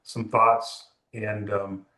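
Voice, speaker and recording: A low-pitched man from California talking as an interview guest, winding through anecdotes and acting out what others said. His voice sits in a roomy, echoing space. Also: little pitch movement, extremely slow, pushed and bright. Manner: rambling, anecdotal, acts out quoted dialogue. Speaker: music photographer, guest. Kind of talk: relaxed interview storytelling. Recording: roomy echo.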